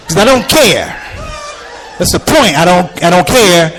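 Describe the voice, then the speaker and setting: On a ballroom stage before a live audience, a man does stand-up, telling stories with great energy and acting out the voices of the people in them. His voice sits high, very animated, and he takes his time.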